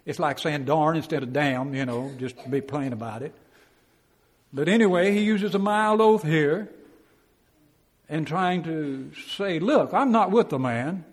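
A man teaches a Bible class in a plain, folksy way, acting out the quotes he tells. His voice sits somewhat high for a man. The sound trails off in the long reverb of a church hall. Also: unhurried, long pauses. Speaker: preacher.

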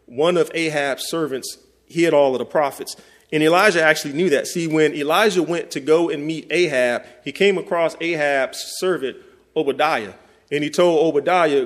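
A man preaching a sermon. He talks conversationally to the listeners and reads scripture slowly and deliberately. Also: fairly high pitch. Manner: conversational, speaks directly to listeners.

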